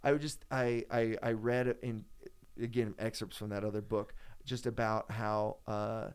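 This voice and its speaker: A man's voice: lowish voice, level tone, a little slow, clean tone. A man talking casually and at length, rambling with many fillers and restarts as he tells a personal story. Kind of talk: casual chat.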